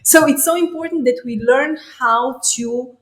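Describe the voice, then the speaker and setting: A woman's voice: high voice, measured pace, a bit bright. A woman hosting an interview, speaking in a reflective, affirming way. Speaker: host. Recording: echoey room.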